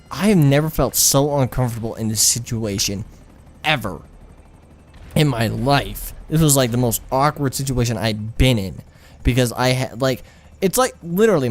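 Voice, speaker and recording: A man's voice: mid-range voice, animated, moderate pace. Rambling young man telling a story. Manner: rambling, profane, frank. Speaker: gaming storyteller. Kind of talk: casual storytime over gameplay.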